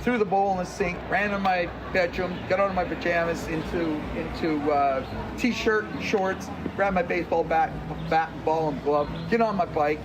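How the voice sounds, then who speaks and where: A man's voice: sits high, fairly even intonation, moderate pace. A middle-aged man reminiscing casually, rambling and restarting his words. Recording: noisy, busy background.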